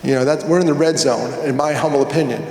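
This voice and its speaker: A middle-aged man giving a keynote talk at a conference, telling a story with lively energy and acting out both sides of phone calls. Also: mid-range voice, fast talker. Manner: animated, acts out phone dialogues. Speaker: conference speaker. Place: large hall. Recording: echoey hall with long reverb.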